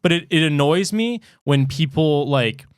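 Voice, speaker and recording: A man's voice: a little high, lively intonation, measured pace, clear, resonant tone, no echo, studio quality. A man co-hosting a podcast, blunt and profane, stammering through restarts in casual chat. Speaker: podcast co-host.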